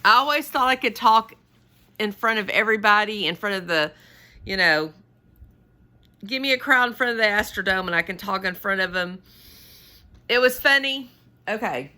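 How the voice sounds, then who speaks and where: A woman's voice: mid-range voice, pushed and bright. A woman hosting a casual knitting tutorial, chatty and rambling as she laughs at herself. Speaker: knitting channel host.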